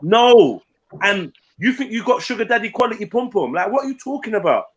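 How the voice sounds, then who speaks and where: Animated man, fairly high voice. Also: fairly quick. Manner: animated, blunt, slangy. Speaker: podcast co-host. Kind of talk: casual chat, storytelling.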